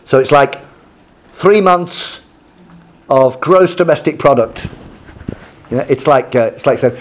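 A man's voice: medium pitch, slow, pauses often. Hesitant male lecturer with many fillers. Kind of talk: lecture with slides.

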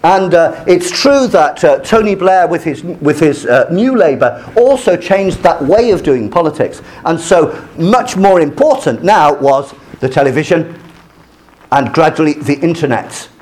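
Animated man lecturing, lively pitch. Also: measured pace. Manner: animated, acts out quoted voices, many restarts; switches to French asides. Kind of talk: university lecture on politics.

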